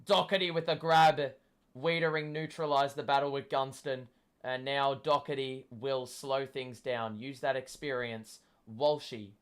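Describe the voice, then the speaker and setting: A young man, hoarse from shouting, gives a live fan commentary of a football match, swearing and yelling at the play. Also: mid-range voice, flat delivery, unhurried. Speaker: watchalong host.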